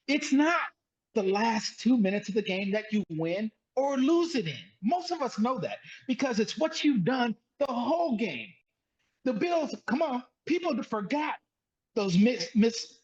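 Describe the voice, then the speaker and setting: Animated high-voiced man, lo-fi sound. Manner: animated, repetitive emphatic storytelling. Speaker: sports talk show co-host. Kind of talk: casual sports debate.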